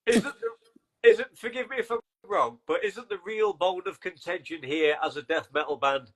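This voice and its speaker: A man's voice: sits high, moderate pace, fairly bright tone. A man hosting a casual podcast chat, joking and laughing often with his guests. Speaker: podcast host.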